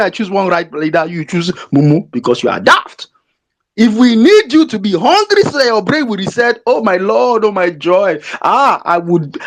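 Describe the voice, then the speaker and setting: A speaker with a Nigerian accent, ranting on a live audio chat in a mocking, fiery way that slips into Pidgin and breaks into shouts. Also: mid-range voice, poor audio. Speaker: caller.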